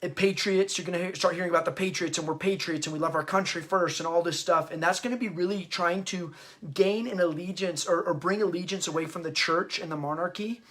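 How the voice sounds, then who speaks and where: A high-pitched man talks through history off the cuff, plainly stirred up by it. He often halts, repeats a word and starts over before pushing on with his point. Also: a bit bright. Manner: impassioned, stirred up; halting, often stops and restarts. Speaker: host and parenting author. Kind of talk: unscripted history talk.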